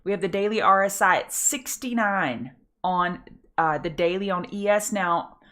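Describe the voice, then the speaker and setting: A woman's voice: mid-range voice, moderate pace, fairly bright tone. A woman hosting a live market prep stream, upbeat and chatty, greeting viewers by name. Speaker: trading show host.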